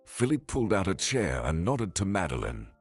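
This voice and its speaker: A man narrates a scripted story in a very deep, husky voice. He keeps a steady pace, and his pitch rises and falls in a lively way. Soft music plays quietly under him. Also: moderate pace.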